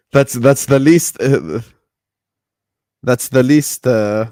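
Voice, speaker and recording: A man hosting a football fan livestream, excitable and laughing as he trash-talks rivals and banters with chat. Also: mid-range voice, extremely slow, no echo, clean studio sound.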